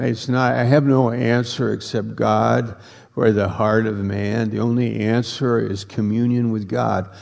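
A man preaching a sermon, slow and emphatic, repeating key words for effect. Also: mid-range voice, creaky, darkish tone.

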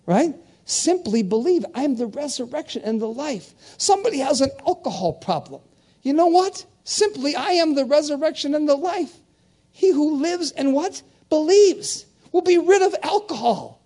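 An older male preacher with a fairly high voice who preaches in animated call-and-response. He leaps between soaring, loud cries and low, hushed storytelling, often pushing the room for answers. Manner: animated call-and-response preaching with wide swings in pitch and volume. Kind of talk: sermon.

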